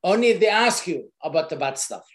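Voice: mid-range voice, big pitch swings, fairly quick. Earnest job-advice coach, loose unscripted talk, mid voice, echoey room. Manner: earnest, coaching, repeats points for emphasis; loose, unscripted phrasing with frequent restarts. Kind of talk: casual advice talk to camera. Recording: roomy echo.

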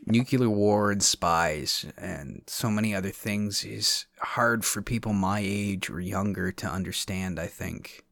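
A man's voice: lowish voice, a little slow, gravelly, few pauses, fairly bright tone, no echo. A man hosting a podcast, delivering a scripted monologue with dry, sardonic humor. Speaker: podcast host.

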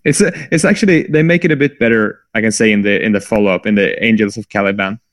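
A man's voice: on the low side, fast talker, no room sound. A man chatting casually about books, hesitant and musing, with many fillers.

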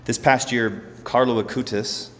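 A man who is a Catholic priest giving a sermon, earnest and slow, often repeating words as he goes. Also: mid-range voice, fairly even intonation, big-room sound.

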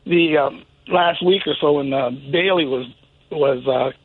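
A man's voice: fairly high pitch, a little slow. A man calling in to a radio show, rambling with lots of fillers and a defensive edge. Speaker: caller. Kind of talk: phone call-in chat. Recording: tinny phone line with faint noise.

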